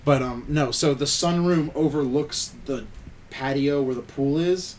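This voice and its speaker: A man's voice: fairly high pitch, a little slow, background noise. A young man, a podcast co-host, telling crude stories in casual chat and laughing as he goes. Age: young adult.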